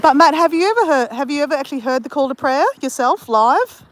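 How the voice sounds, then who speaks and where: Strolling along the seaside with her phone in hand, this woman chats on a walking livestream in a high, expressive voice at a quick pace. She calls her viewers by name and laughs easily as she talks.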